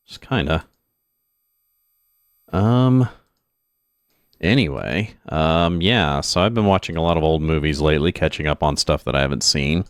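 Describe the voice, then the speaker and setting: Deep-voiced rambling male game streamer. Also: dry recording, clean studio sound. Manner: rambling, chatty, many fillers and asides. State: stuffy nose from allergies. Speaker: streamer and host. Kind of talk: casual let's-play commentary.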